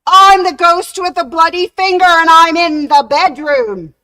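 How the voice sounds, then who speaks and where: A woman voicing a moaning male ghost in a told ghost story, pitched high and loud. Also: a little slow, no echo, heavily acted. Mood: wailing. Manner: moaning, growing louder with each repeat. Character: moaning male ghost drawing ever closer.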